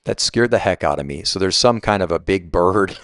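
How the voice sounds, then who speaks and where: A man's voice: low voice, expressive, normal speed, a bit bright. A real estate agent walking through a house and out to the pool, chatting enthusiastically about every feature and laughing at his own fumbles. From Southwest Florida resident. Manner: enthusiastic, chatty, self-deprecating, keeps saying right. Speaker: real estate agent giving a home tour. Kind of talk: walking home tour vlog.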